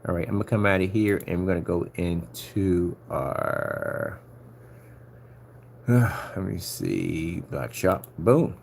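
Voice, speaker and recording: A man's voice: low-pitched, lively intonation, takes it slowly, vocal fry, a little hiss or hum. A man casually walking through editing his shop website, chatty and playful, talking to himself and a pet and slipping into sing-song chants. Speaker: online shop owner. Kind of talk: casual screen-recorded website walkthrough.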